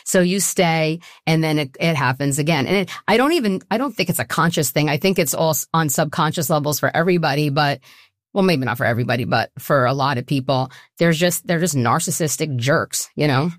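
A woman's voice: deep voice, fairly quick, dry recording, clean studio sound. A middle-aged woman talking as an interview guest, earnest and emotional, rambling with many restarts. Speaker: guest, co-founder of a women's support group. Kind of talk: conversational interview.

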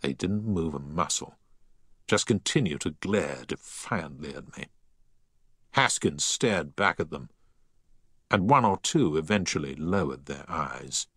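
Deep-voiced male audiobook narrator. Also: animated, unhurried, a bit bright, breathy edge, dry recording, studio quality.

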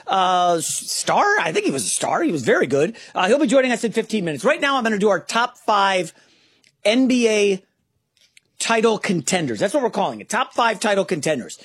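A man filling in as sports radio host, talking through a chatty monologue of rapid opinions with fillers and restarts. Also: sits high, big pitch swings, fairly bright tone, slightly rough, no echo. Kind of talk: sports talk show monologue.

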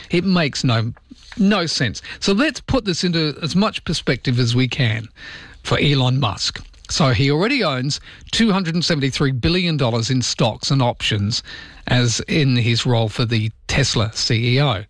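A man's voice: medium pitch, animated, moderate pace, dry recording. A man hosts a radio talk show, chatting in a rambling, jokey way. His voice sits mid-range, and it is recorded dry and close on a studio mic. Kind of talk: casual radio chat.

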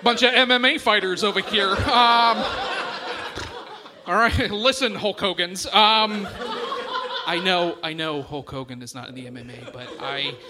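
A giggly, high-voiced male comedian does stand-up on a comedy club stage, working the crowd at an unhurried pace and interrupting himself as he goes. The live recording is noisy, with audience laughter in the background.

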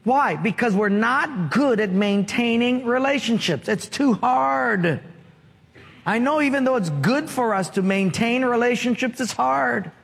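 In a big hall with long reverb, a man preaches as pastor, mixing stories with questions for the congregation. His voice is extremely high, expressive, creaky and slightly rough, delivered at a measured pace.

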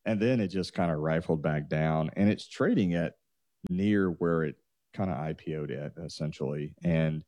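A man co-hosting a retirement finance radio show, talking in an energetic, loose, rambling way from the studio. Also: rumbling low, moderate pace, no echo. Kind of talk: casual radio talk show chat.

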